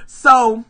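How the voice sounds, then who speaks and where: A woman telling a story to her live stream viewers, animated and full of profanity, calling them "y'all". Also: a little high. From Kentucky, USA.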